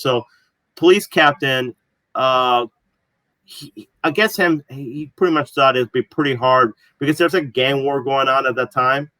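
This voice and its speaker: A man's voice: mid-range voice, unhurried, bright, forceful tone, no echo, poor audio. A man co-hosting a casual pop culture podcast, retelling a show's plot in a rambling way full of fillers. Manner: rambling, filler-heavy storytelling. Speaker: podcast co-host. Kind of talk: casual chat.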